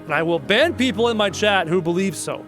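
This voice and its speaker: His voice sits high with lively intonation and a fairly bright tone, and he talks a little fast over soft background music. A male gaming streamer and YouTuber, he rants casually to viewers while playing at home, bluntly opinionated and repeating his points for emphasis.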